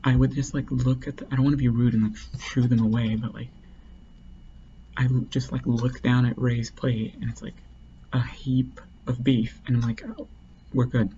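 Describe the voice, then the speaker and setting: A man's voice: medium pitch, little pitch movement, a little fast, mellow, dull audio, a little hiss or hum. A man casually telling a long, rambling story, full of "like" and restarts. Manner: rambling, heavy use of "like".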